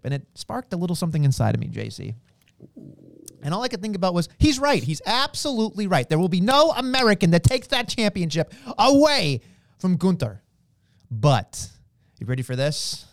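Animated man in casual podcast chat. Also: sits high, dry recording, studio quality. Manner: animated, drawn-out emphasis and playful exclamations. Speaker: podcast co-host.

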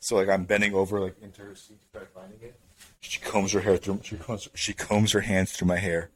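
Laid-back man telling a story, low voice. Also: fairly quick, husky. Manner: rambling, filler-heavy with "like" and "bro"; animated, builds up to louder bursts. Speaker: podcast host. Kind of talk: casual storytelling chat.

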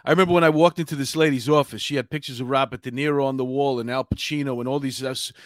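A man's voice: medium pitch, steady tone, very fast, no echo, clean studio sound. A middle-aged man with a New York accent, hosting a casual chat show and rambling with many fillers. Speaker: podcast host.

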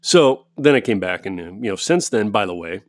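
An American man telling a story alone in a home studio, profane and animated, ranting and swearing as he goes. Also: fairly low pitch, normal speed, dry recording. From United States. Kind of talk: casual storytelling monologue.

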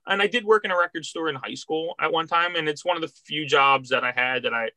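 In a fast, sharp-toned voice on the high side, recorded with no echo, a Philadelphia man speaks. He's a middle-aged record store worker who rambles heartfeltly through stories in a casual interview, restarting often.

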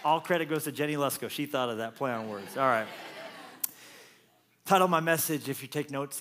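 A man preaching a lively, jokey sermon as pastor, acting out quotes with playful voices. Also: mid-range voice, a little fast.

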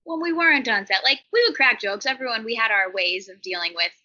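A woman's voice: a little high, a little fast, pushed and bright, dull audio. A woman in her thirties, a podcast interview guest, telling stories in a rambling, chatty way with many "like" fillers.

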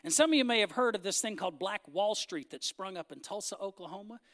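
A man's voice: high voice, animated, quick pace, a bit bright, long reverb tail. A man, giving a folksy, joking sermon-style talk to a crowd, rising to emphatic bursts. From Arkansas. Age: 50s. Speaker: speaker addressing a church crowd. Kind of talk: humorous sermon-style speech.

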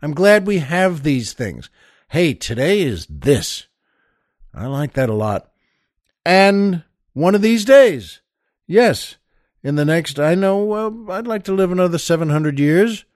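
A man's voice: a little high, sing-song, slow, no echo, clean studio sound. An older man hosting his own show, talking to listeners in a chatty, enthusiastic, rambling way with many asides. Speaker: show host. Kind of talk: casual monologue to listeners.

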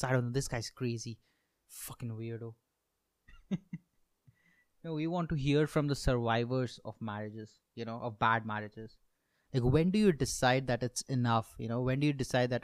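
A man's voice: medium pitch, normal speed, pauses often, smooth, no room sound. A young man hosting a comedy podcast, rambling through a monologue with self-mocking asides and lots of swearing.

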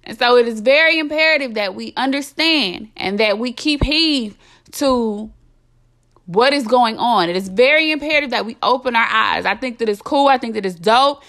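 A woman's voice: a little high, expressive, moderate pace, a bit bright. A young adult woman hosting a podcast, delivering a blunt, impassioned monologue full of swearing and emphatic repetition. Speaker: podcast host.

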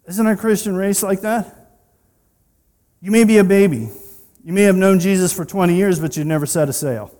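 A male pastor delivers a conversational sermon full of personal asides and rhetorical questions. His high, mellow voice moves at a normal speed with frequent pauses. The recording carries the long reverb of a large hall.

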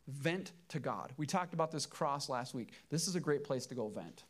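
A man's voice: mid-range voice, animated, normal speed, breathy edge. A middle-aged man preaching a sermon as pastor, emotional and emphatic, repeating key phrases.

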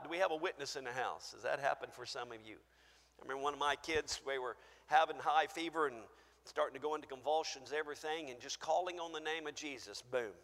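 A man pastor preaching a sermon in a church, shifting from quiet low asides to loud, shouted acted-out pleas. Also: brisk. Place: church sanctuary. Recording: church sanctuary with long reverb.

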